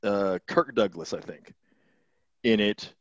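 A man's voice: on the low side, slow, no room sound, muffled recording. A man co-hosting a podcast, chatting casually about movies in a rambling, profane way and laughing often. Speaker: podcast co-host.

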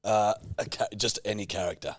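A man's voice: on the low side, dry recording, clean studio sound. A man co-hosting a comedy podcast, tossing out prompts in casual banter and laughing often. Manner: animated, laughing, prompts with quick suggestions. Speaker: podcast co-host.

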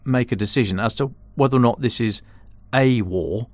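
A man's voice: mid-range voice, normal speed, no echo. A man, a defence and security editor, giving casual podcast analysis in an explanatory way, often stopping and restarting mid-phrase.

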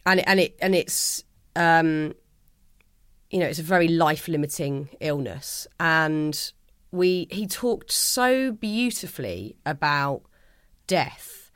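A woman's voice: low-pitched, expressive, slow pace, fairly bright tone, clean tone, no room sound. Earnest woman, dry close mic. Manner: heartfelt and earnest, with frequent restarts. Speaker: guest. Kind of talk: reflective interview conversation.

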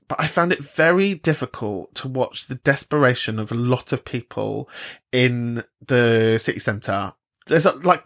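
A British man hosting a podcast, chatting casually and swearing freely, often jumping into high mocking voices. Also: a bit bright. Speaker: podcast host. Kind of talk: casual chat.

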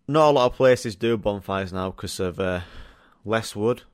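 A man's voice: on the low side, unhurried, over music. A young man hosting a solo podcast, chatting casually and swearing through rambling stories. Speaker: podcast host.

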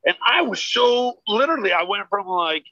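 Man, comedian guest, from the US, animated, high voice, dry dull audio. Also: normal speed, dry recording. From United States. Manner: animated, emphatic storytelling. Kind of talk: casual chat.

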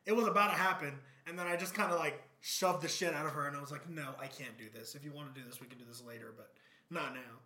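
A man co-hosting a podcast, chatting casually and telling animated stories, with his voice swinging between loud bursts and low mumbles. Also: fast, roomy sound. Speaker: podcast co-host. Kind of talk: casual chat.

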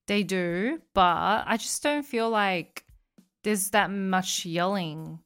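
A woman's voice: medium pitch, slow pace, smooth, soft background music. Chatty young woman co-hosting a podcast. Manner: chatty, animated retelling with acted-out quotes. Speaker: podcast co-host. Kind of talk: casual chat.

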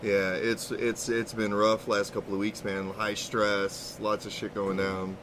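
A man co-hosting a podcast, telling a story in casual, profane, animated chat. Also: fairly low pitch, measured pace, slight background noise. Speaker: podcast co-host.

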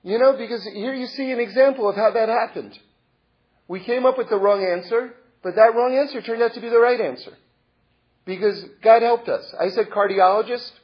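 A middle-aged man sharing a personal story as a religious lesson, earnest and reflective, halting with many repeated words and restarts. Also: very high voice, breathy edge, muffled recording.

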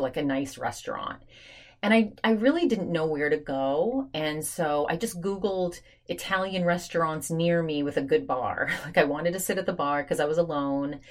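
A woman with a notably low voice hosts her own podcast, chatting through a long personal story. She rambles casually, stacking fillers and restarting her sentences as she goes. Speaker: podcast host.

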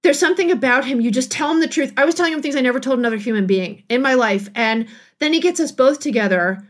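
A middle-aged woman, a guest author on a podcast, telling a personal story in a casual, animated way and laughing often. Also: sits high, quick pace. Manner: animated, laughing, acts out quotes.

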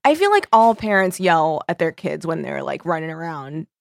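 Female co-host for a comedy podcast, teasing and upbeat, voice that swoops in pitch, dry close recording. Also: big pitch swings, moderate pace, vocal fry, no room sound. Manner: playful, teasing, laughing. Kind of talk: casual comedic chat.

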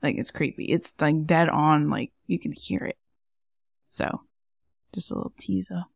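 A woman's voice: low-pitched, measured pace, creaky, slightly rough, dry recording, studio quality. A woman co-hosting a podcast in casual chat, rambling with lots of fillers. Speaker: podcast co-host.

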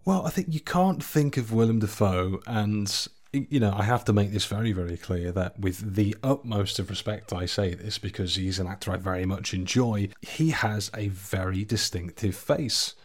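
A man's voice: lowish voice, moderate pace, hardly any pauses. A man co-hosting a film podcast in casual chat, speaking thoughtfully with lots of filler words. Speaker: podcast co-host.

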